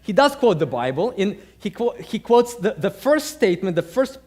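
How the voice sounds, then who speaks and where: Man, pastor, sermon, conversational storytelling, frequent restarts, high voice. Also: very animated, normal speed, darkish tone.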